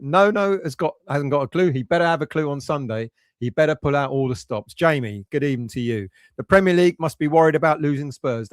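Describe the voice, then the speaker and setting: A middle-aged man hosting a casual live stream, reading out chat and talking emotionally and excitably about his team's fate. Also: fairly high pitch, dry recording, studio quality. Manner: emotional, excitable, swings between nervous and resigned. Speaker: fan channel host reading chat.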